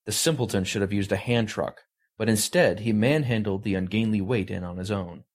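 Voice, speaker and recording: A man giving a dramatic story reading with an expressive, animated delivery. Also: fairly low pitch, a little fast. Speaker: story reader.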